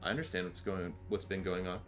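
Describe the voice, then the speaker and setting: A man voicing a quiet, guarded fae knight in a tabletop game, answering curtly and warily. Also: low voice, fast, voice pushed down, lightly acted.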